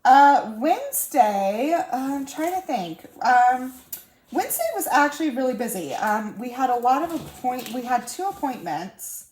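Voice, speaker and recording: A woman's voice: high voice, very animated, unhurried. A woman in her thirties chatting casually about her week while crafting at home, full of fillers and little laughs. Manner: chatty, warm-hearted storytelling with laughs and fillers. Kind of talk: casual chat. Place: room at home. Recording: roomy echo.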